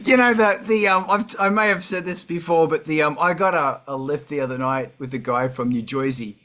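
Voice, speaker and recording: A man hosting a casual podcast chat, telling an anecdote in a lively, laughing way. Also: on the high side, fairly quick. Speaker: podcast host.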